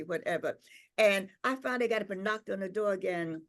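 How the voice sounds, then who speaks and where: Older woman, invited speaker, personal storytelling, reflective, unhurried, lots of "um" and "uh", mid-range voice. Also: mid-range voice. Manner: repeats words and checks in with "right?". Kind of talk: personal storytelling at a tribute gathering.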